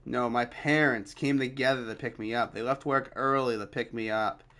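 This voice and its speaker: A young man with a smooth, clear voice recounts a story in a laid-back, rambling way. He uses lots of fillers and slips into quoted back-and-forth dialogue at a middle pitch. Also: fairly even intonation, moderate pace, bright, forceful tone. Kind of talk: casual storytime.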